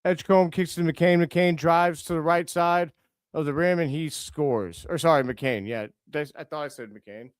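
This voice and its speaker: Excitable man calling a game live. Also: on the high side, clean tone, dry recording. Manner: excitable, scolds players aloud, quick self-corrections. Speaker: live reaction stream host. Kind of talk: live play-by-play reaction.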